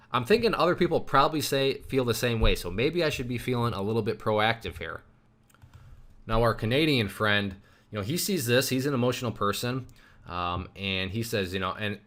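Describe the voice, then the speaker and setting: A man's voice: lowish voice, a bit bright. A man teaching a recorded lesson on stock trading in a conversational way, with rhetorical questions and frequent restarts. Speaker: trading instructor.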